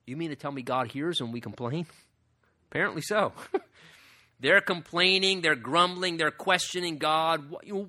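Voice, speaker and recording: A man's voice: a little high, moderate pace. A man preaching an expository sermon in a conversational way, often asking the audience questions and rising sharply for emphasis. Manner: animated, rises sharply for emphasis. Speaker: pastor.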